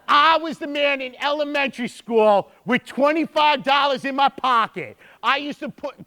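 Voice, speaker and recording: High-voiced man giving a motivational speech. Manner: energetic storytelling with emphatic repetition. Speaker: speaker addressing students.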